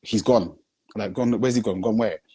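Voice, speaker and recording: A man's voice: lowish voice, normal speed, warm tone, husky. A man, a film director and guest on a live video chat, telling his story earnestly and often asking whether you follow him. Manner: earnest storytelling, heavy with "you know what I'm saying". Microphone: phone on a live video stream.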